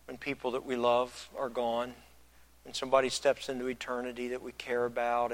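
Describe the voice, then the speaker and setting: Bright-voiced man preaching a sermon. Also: mid-range voice. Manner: builds from soft reflective to loud emphatic preaching. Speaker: pastor.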